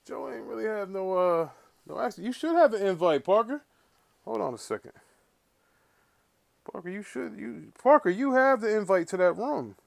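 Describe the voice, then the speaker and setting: Streamer host, male, fairly high voice, casual and lively, curses freely, shouts out to chat. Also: normal speed, vocal fry, pauses often. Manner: animated, swearing, talks to chat viewers. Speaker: livestream host. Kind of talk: casual livestream talk.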